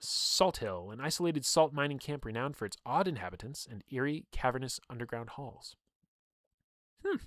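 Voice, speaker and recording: A man's voice: medium pitch, expressive, normal speed, a bit bright, no room sound. Young guy reading a game book on stream, chatty asides, dry close sound. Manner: reads aloud with chatty asides and laughs. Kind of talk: casual livestream read-through.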